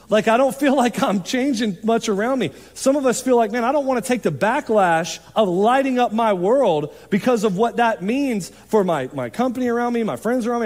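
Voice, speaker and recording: A man preaching a sermon as pastor, in a conversational, animated way with quick asides. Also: high voice. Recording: long hall reverb.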